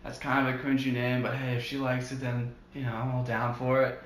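A man's voice: mid-range voice, completely flat delivery, fairly quick, roomy sound, slight background noise. A young man from New Jersey co-hosting a casual podcast chat, goofy and full of surfer slang. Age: young adult. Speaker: podcast co-host.

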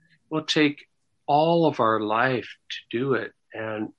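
A man teaching the Bible in a sermon style, slow and halting, with repeated words and apologetic asides, building to emphatic rising stresses. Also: mid-range voice, muffled recording. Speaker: Bible teacher answering questions.

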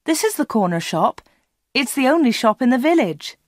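A woman voicing Anna, an eager young village shop girl, in a storybook reading, with high, excited calls. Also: normal speed, no room sound.

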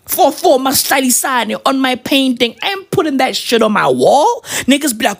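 A woman's voice: high voice, big pitch swings, moderate pace, gravelly, few pauses. A young woman from Africa, delivering a profane comedic rant that keeps tossing in "right?". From South Africa.

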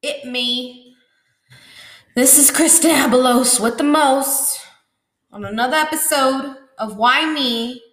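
A woman's voice: sits high, slow pace, a bit bright. A young woman, chatting on her solo podcast at home, bubbly and rambling, full of ums and likes. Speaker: podcast host. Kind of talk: casual solo podcast chat. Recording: roomy echo.

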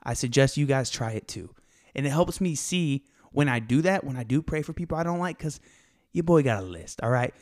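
A young man hosting his own podcast, talking fast and excitedly in a casual, animated way. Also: medium pitch. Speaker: podcast host. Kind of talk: casual solo podcast talk.

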